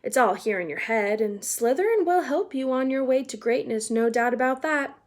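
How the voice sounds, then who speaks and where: A woman voicing a wise old male talking hat in a storybook reading, speaking in a soft, musing, half-whispered way. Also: sits high, lively intonation, moderate pace. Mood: coaxing.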